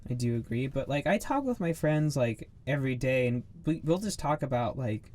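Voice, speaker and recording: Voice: medium pitch, expressive, normal speed, darkish tone. A speaker in a casual chat, rambling and searching for words, leaning heavily on "like".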